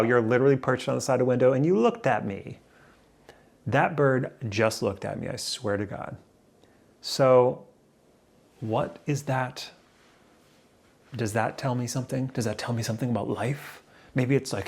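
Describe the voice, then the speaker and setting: Male vlogger, mid-range voice with gravel, rambling and self-mocking at a camera. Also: medium pitch, normal speed. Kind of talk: rambling solo daily vlog. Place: room indoors near a window. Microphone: camera in front of him, seated.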